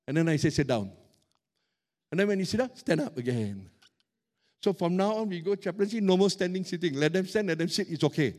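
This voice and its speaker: High-voiced animated preaching pastor, a man. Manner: animated, emphatic preaching with drawn-out words. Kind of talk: sermon.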